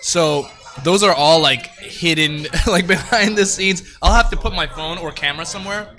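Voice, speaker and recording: Bright-voiced animated man, faint music. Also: fairly high pitch, normal speed. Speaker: guest. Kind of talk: casual chat.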